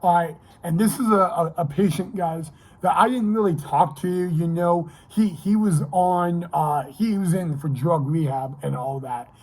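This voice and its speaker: Young man, husky voice, fairly high pitch, rambling casual vlog storytelling. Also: unhurried, hardly any pauses, warm tone, low-quality recording. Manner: rambling, repeats "she's like" and "okay". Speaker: vlogger.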